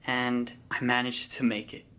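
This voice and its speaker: A man's voice: mid-range voice, unhurried, clean tone. Chatty young man telling a vlog story. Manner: excited, chatty, filler-heavy, swears freely. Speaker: vlogger and actor.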